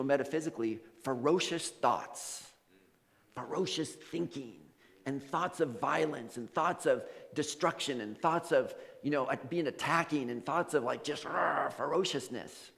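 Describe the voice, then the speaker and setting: Casual, animated male preacher with a lively, higher voice, recorded in a hall with a long echo. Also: unhurried, creaky. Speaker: minister. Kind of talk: storytelling sermon. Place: church sanctuary.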